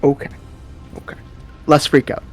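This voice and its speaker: A man's voice: moderate pace, darkish tone, faint music behind. A man playing in a tabletop role-playing game, thinking aloud and hesitating. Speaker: player. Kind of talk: casual tabletop game chat.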